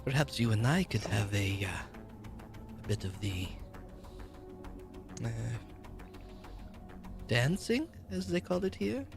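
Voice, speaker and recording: A man's voice: mid-range voice, big pitch swings, takes it slowly, pauses often, music in the background. A man voicing a seductive drow noblewoman. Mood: flirtatious.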